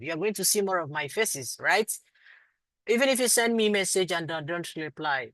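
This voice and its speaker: A Nigerian woman with a lowish voice leads a live online class, calling her students sweetie and my love. She is warm toward them but firm that they must do their assignments. Her voice sounds dry and close, with no room echo. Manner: firm, insistent teacher. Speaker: instructor.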